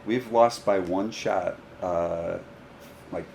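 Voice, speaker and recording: A deep-voiced man chatting about coaching high school golf. He tells stories with energy and slips into the voices of the people in them, over a light hiss of background noise. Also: slow, creaky. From Rhode Island, US. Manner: animated, acts out dialogue in stories. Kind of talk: casual podcast storytelling.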